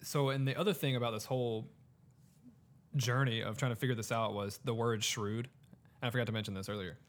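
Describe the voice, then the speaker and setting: A man's voice: medium pitch, fairly even intonation, brisk. A man in casual conversation about a Bible passage, thinking aloud and leaning on "like" as he talks. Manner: thinks aloud, heavy use of "like". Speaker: podcast co-host discussing scripture. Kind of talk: casual chat.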